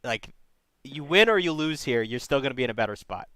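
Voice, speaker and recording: A man's voice: medium pitch, animated, brisk, a bit bright, smooth, no room sound. A male call-in host giving blunt, profane relationship advice. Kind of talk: call-in advice show banter.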